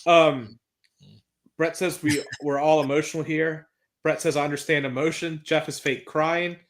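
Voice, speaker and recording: Man, slightly high voice, casual podcast recap, excitable, swears a lot. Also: moderate pace. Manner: excitable, swears freely, reads out promo quotes. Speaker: podcast co-host recapping wrestling.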